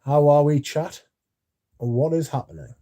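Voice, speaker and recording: A man's voice: on the high side, very animated, a little slow, warm tone, no room sound, clean studio sound. A man hosting a casual livestream, sleepy and yawning, rambling and swearing as he chats to his viewers. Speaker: livestream host.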